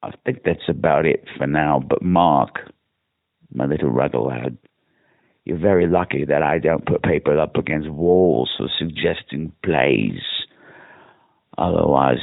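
This one's a tinny phone voicemail from a drunk podcast host to himself, rambling on in an over-the-top, campy fake British accent. He speaks a little slowly in a rumbling low, creaky voice.

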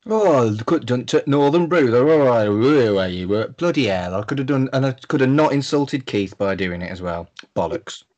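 A man's voice: medium pitch, lively intonation, normal speed, few pauses, darkish tone, lo-fi sound. A man, a podcast guest chatting casually, swearing and mocking himself in a flustered way. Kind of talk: casual chat.

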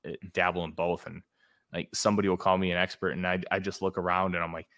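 A man hosting a podcast, speaking in an earnest, halting way with frequent restarts. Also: low voice, level tone, fairly bright tone. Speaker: podcast host. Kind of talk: casual podcast chat.

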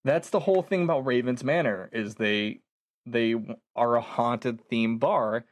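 A man's voice: mid-range voice, a little slow, no room sound. Young man telling a ghost story. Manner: animated storyteller, acts out quoted voices, laughs often. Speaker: podcast guest, ghost hunter. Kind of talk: casual storytelling chat.

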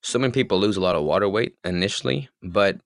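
A man's voice: sits low, fast talker, creaky, no room sound, studio quality. A man hosting a podcast interview, asking loose, rambling questions with plenty of fillers. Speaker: podcast host. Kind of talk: interview conversation.

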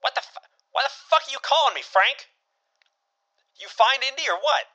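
A man's voice: very high voice, animated, normal speed, sharp tone, pitched above the performer's own voice, heavily acted. A man voicing a short-tempered, foul-mouthed female crime boss on the phone, bossing and swearing. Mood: irritated. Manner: swears constantly, impatient, bossy.

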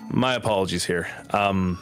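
A man's voice: low-pitched, normal speed, soft background music, pitched below the performer's own voice, close to an everyday voice. A man voicing a nervous, protective male elf father who keeps apologizing and hesitating. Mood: apologetic.

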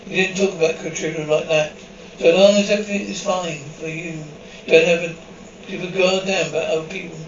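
A man's voice: sits high, steady tone, a little fast, few pauses, echoey room, distant mic, dull audio, slight background noise. A man reading an episode script aloud, voicing the dialogue and the sound cues in the same evenly paced voice. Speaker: script reader.

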